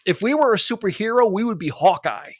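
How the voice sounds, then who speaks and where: Man, podcast co-host, high voice, joking casual chat, dry recording. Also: lively intonation, brisk, husky, no room sound. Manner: jokey, talks over others and trails off.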